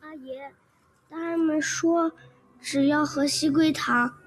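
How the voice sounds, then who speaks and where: A woman voicing a young son speaking softly and pleadingly to his warrior father in a game trailer. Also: sits high, fairly even intonation, takes it slowly, slight background noise. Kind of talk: dubbed game trailer acting.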